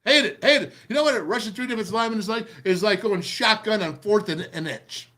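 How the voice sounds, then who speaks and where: A middle-aged man hosts a show, breaking down football game film with rambling, pumped-up excitement. His voice sits high and he talks fast.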